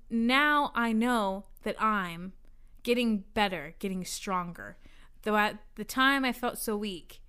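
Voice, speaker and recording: A woman's voice: a little high, bright, forceful tone, smooth. A young woman on a comedy podcast, reading cheesy poetry aloud in a teasing way and laughing along.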